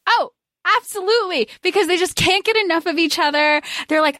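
A woman's voice: high voice, animated, moderate pace, fairly bright tone, no echo, clean studio sound. A woman co-hosting a podcast, talking animatedly about a book and joking as she acts out the characters' lines. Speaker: podcast co-host. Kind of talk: casual book discussion.

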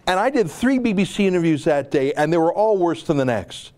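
A male host delivering an opinionated monologue with forceful, emphatic phrasing and rapid asides. His speaking voice sits a little high for a man. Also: expressive. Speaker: show host.

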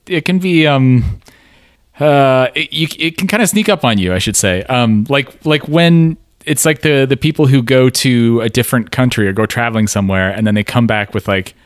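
A man co-hosting a podcast in casual chat, halting and restarting often, chuckling as he talks. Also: mid-range voice, no echo, studio quality. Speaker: podcast co-host.

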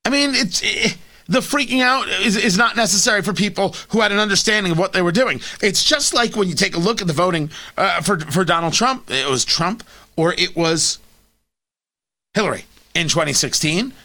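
High, lively, bright-voiced male commentator. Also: normal speed. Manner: emphatic, repetitive, sarcastic asides. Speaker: talk show host. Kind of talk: opinionated political commentary.

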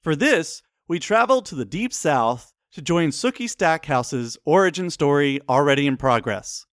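A man's voice: a little high, lively intonation, measured pace, a bit bright, no echo, studio quality. A man co-hosting a film discussion, mixing scripted narration with playful, wry banter. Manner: playful, wry, self-deprecating. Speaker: co-host of a film discussion show.

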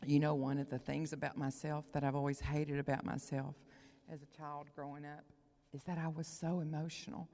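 A woman from Texas, preaching an emotional sermon, moving between loud proclaiming and hushed whispers. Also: low-pitched, little pitch movement, fairly quick. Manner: emotional, near tears. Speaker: guest preacher. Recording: long hall reverb.

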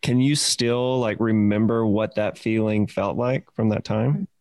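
Low-voiced man hosting a podcast. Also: a little slow, darkish tone, no echo. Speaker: podcast host. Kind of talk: casual interview chat.

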